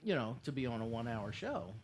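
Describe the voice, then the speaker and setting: A playful man co-hosts a studio radio show, teasing his guests. His pitch moves a lot, with faint hiss behind. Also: big pitch swings, quick pace. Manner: playful, teasing, laughs easily. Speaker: co-host. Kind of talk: joking radio banter.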